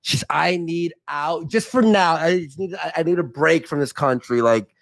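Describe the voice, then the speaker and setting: A man's voice: a little high, moderate pace, vocal fry, no room sound. A young man from Canada in casual livestream chat, rambling and getting heated, swearing and stumbling over restarts. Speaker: streaming guest.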